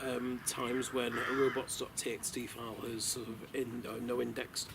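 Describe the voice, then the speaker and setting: A man's voice: mid-range voice, level tone, vocal fry, heavy background noise. A man co-hosting a casual interview who affirms answers and asks follow-up questions. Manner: affirming, quick asides.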